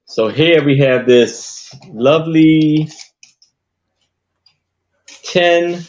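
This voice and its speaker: A man's voice: on the high side, extremely slow, a little mellow, lo-fi sound. A man presenting vintage items on a live online sale, describing them in a plain, hesitant way. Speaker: seller on live sale stream. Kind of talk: casual product description.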